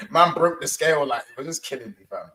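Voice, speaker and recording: A man co-hosting a casual chat, telling animated stories, acting out voices and laughing often. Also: on the high side, fairly quick, echoey room, a little hiss or hum, low-quality recording. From London. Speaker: co-host.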